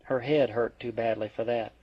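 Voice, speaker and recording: Male amateur reader, even delivery, mid pitch, close dry muffled recording. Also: normal speed, breathy edge, no room sound. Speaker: audiobook reader. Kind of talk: reading a novel aloud. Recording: dry, dull lo-fi.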